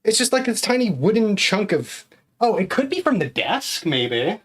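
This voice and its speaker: A man's voice: high-pitched, big pitch swings, moderate pace, fairly bright tone, breathy edge. A man streaming live, chatting casually and counting exercise reps aloud while out of breath.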